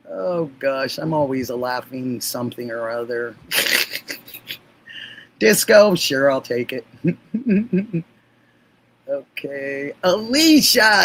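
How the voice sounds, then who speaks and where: A woman hosting a livestream, chatting warmly with viewers and laughing often. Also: low voice, rough recording. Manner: gushing, affectionate, laughs often. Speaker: livestream host. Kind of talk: casual livestream chat.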